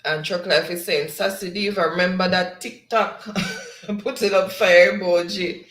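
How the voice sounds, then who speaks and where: A woman's voice: fairly low pitch, fairly even intonation, unhurried, fairly bright tone, reverberant, poor audio. A Jamaican woman hosting a livestream, chattily reading out viewer comments and laughing often. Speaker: livestream host. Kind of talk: reading viewer chat aloud.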